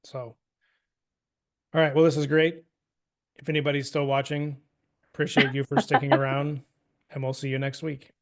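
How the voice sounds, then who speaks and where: A man co-hosting a casual spiritual podcast, talking in a relaxed, loose way. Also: medium pitch, moderate pace, pauses often. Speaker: podcast co-host. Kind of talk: casual chat.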